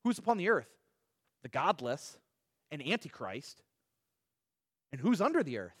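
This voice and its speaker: A man's voice: fairly high pitch, very animated, breathy edge, dry recording, studio quality. A man teaching a Bible study in a conversational way, asking rhetorical questions, giving everyday examples and often restarting his words. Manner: frequent quick restarts and repeated words.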